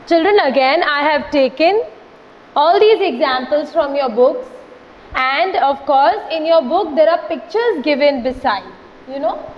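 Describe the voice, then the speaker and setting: A woman teacher giving a recorded lesson to young children, speaking slowly and patiently, repeating her examples and calling the class "children.". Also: sits high, animated. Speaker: schoolteacher. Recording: dull lo-fi, reverberant room.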